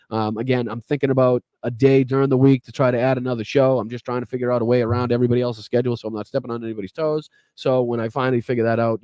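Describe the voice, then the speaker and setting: Profane, casual Boston-accented man, mellow voice. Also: medium pitch, no room sound. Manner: casual, profane, grateful, many fillers. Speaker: podcast host. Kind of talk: live stream chat shout-outs.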